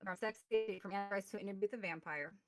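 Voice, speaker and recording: A woman's voice: medium pitch, quick pace, fairly bright tone, dry recording, faint music behind. A woman in her forties co-hosting a casual podcast over a remote mic, reading articles aloud and rambling with many fillers and restarts. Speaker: podcast co-host. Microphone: remote call mic.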